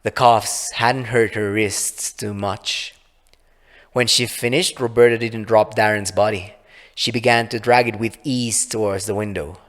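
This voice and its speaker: Male author-reader, measured storybook narration, hall reverb on the track. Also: fairly low pitch, fairly even intonation, a bit bright. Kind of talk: reading a short story aloud. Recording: long reverb.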